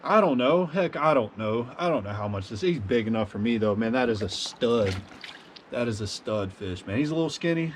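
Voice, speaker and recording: A man's voice: medium pitch, moderate pace, slight background noise. Chilled, soaked man vlogging from a creek. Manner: excitable, slangy, says yo and dude. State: cold and soaked. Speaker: fishing vlogger. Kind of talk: casual outdoor vlog. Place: outdoors at a winter creek.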